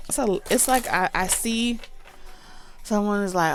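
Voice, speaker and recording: A woman's voice: mid-range voice, a little slow, pauses often, over music. A woman giving a casual tarot reading, chatty, blunt and profane. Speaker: tarot reader.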